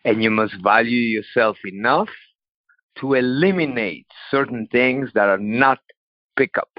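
Measured man lecturing on self-worth. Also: mid-range voice, dry recording, lo-fi sound. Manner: measured, explaining with analogies. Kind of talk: motivational lecture.

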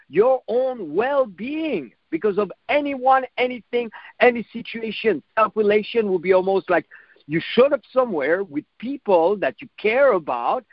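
High-voiced man giving a coaching talk. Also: dry recording, highs cut off. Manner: reflective, coaching, repeats phrases, occasional profanity. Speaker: self-help speaker. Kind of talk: motivational talk.

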